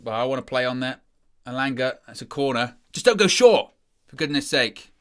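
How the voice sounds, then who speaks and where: A man's voice: medium pitch, lively intonation, normal speed. A man giving live watchalong commentary as a fan presenter, exasperated and sarcastic about his team's play.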